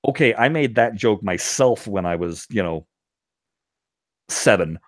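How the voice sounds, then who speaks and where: A man co-hosting a podcast, chatting casually and retelling scenes with lively put-on voices. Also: on the low side, a little slow, dry recording, clean studio sound. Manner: animated storyteller, puts on silly voices when retelling scenes. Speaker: podcast co-host. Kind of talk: casual chat.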